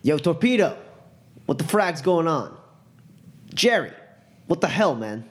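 A man's voice: lowish voice, lively intonation, moderate pace, a little mellow. A man voicing a slight, menacing cowboy gunslinger who gives curt threats. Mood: shouting.

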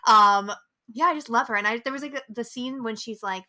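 A woman's voice: fairly high pitch, fairly quick, a crowd in the background. A young woman co-hosting a podcast who chats casually and gushes with exuberant, profane enthusiasm. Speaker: podcast co-host. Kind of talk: casual chat.

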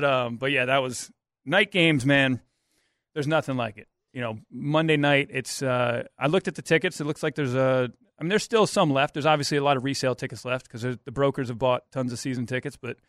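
A man co-hosting sports radio, telling a story with excitement and acting out what people said, in a studio. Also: mid-range voice, brisk, no echo. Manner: excitable storyteller, lots of restarts and acted-out quotes. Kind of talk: animated storytelling on a radio show.

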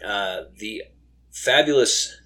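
A man's voice: fairly low pitch, lively intonation, slow pace, bright, forceful tone. A young man co-hosting a casual late-night podcast, rambling with lots of fillers and restarts, a little tired. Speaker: podcast co-host.

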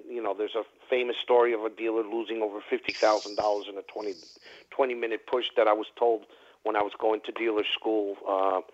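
Man rambling over a tinny phone line. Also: on the low side. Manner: rambling, chatty, full of "you know" fillers. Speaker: caller. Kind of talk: casual storytelling on a radio talk show.

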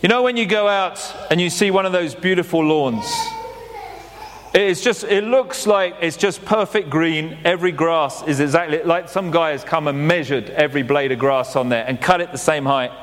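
Male preacher, plain-spoken and repetitive, high-ish voice, reverberant church hall. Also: normal speed, fairly bright tone. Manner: plain-spoken, repeats phrases for emphasis. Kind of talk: sermon.

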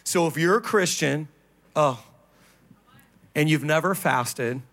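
Guy pastor with a high voice preaching on stage, playful asides then dropping low and quiet for emphasis. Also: slow. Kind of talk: sermon. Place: church stage.

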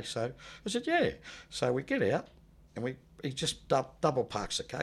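A man telling a personal story in a rambling, halting way, often dropping low and quiet. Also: very animated, vocal fry, slightly rough. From Australia. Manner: rambling, many restarts, low and subdued when recalling loss. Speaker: guest telling his life story. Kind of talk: casual spoken storytelling.

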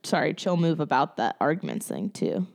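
A woman's voice: low-pitched, big pitch swings, brisk, gravelly, a little mellow. A woman co-hosting a casual podcast, giggly and rambling with lots of fillers, sitting back from the mic. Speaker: podcast co-host. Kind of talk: casual chat. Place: studio with couch. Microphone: sits back from the mic.

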